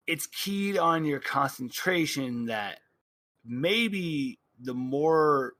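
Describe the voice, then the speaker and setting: A man narrating a tabletop game as game master, describing scenes in halting bursts with frequent restarts. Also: medium pitch, a bit bright.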